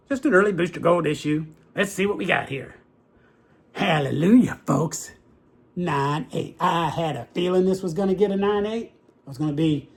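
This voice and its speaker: A man's voice: fairly high pitch, creaky, slightly rough. A middle-aged man hosting a casual unboxing chat, folksy and enthusiastic, often repeating his favorite phrases. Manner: enthusiastic and folksy, repeats "very cool" and "that's right". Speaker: comic book collector and video host.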